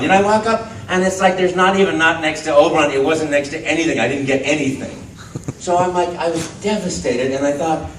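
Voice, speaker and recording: Speaking a little high and fairly fast, a man on a convention panel animatedly tells stories to the audience, doing voices for the characters. Someone in the crowd filmed it on a phone, so the sound is far off and echoey, with faint background noise.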